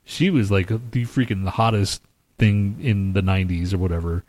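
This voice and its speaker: Man, low voice, dry close sound, rambling podcast banter, swearing. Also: steady tone, normal speed, a little mellow, no echo. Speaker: podcast co-host. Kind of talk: casual chat.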